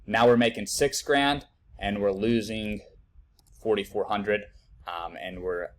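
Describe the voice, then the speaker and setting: A young man giving blunt, profane betting picks in a casual live video, working through numbers out loud. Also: lowish voice, fairly even intonation, measured pace. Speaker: sports betting tipster.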